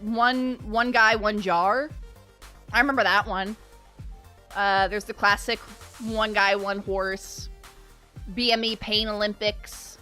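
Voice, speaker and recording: Bright-voiced playful woman streamer. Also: a little high. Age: young adult. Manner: animated and playful, swears freely, laughs often. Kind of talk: casual livestream chat.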